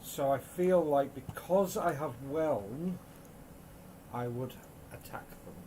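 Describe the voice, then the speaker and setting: A man's voice: fairly high pitch, takes it slowly, warm tone, slight background noise, poor audio. A man, playing a tabletop game, often laughing and explaining his moves. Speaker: player.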